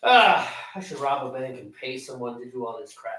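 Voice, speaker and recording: A man's voice: mid-range voice, lively intonation, moderate pace, fairly bright tone, far from the mic, slight background noise. A man hosting a home brewing vlog, grumbling sarcastically to himself in a cold garage. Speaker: home brewer, channel host. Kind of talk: casual vlog chat. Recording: echoey garage, off mic.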